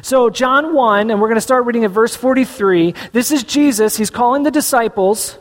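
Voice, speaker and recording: A man preaching a sermon as pastor, telling the story with animated, acted-out voices. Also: extremely high pitch, moderate pace. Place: church sanctuary. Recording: echoey church hall.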